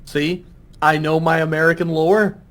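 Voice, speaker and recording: A young Irish man chatting casually on a podcast, animated and swearing freely. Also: on the high side, moderate pace. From Ireland. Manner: animated, swears freely, jumps into exaggerated voices. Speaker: podcast guest.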